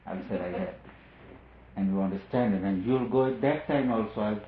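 A man's voice: lowish voice, normal speed, slight background noise. A man speaks as a spiritual teacher, earnest and insistent, repeating phrases to drive them home. The recording is tinny and narrow, as if over a phone line, and the room rings with echo. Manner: earnest, repeats phrases for emphasis, rising on key points. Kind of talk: spiritual discourse.

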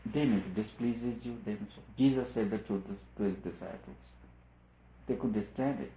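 A man's voice: fairly low pitch, animated, moderate pace. A man giving a spiritual discourse as a teacher, earnest and repetitive, pressing his key points harder. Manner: earnest, repeats phrases for emphasis, rising on key points. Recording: tinny lo-fi with roomy echo.

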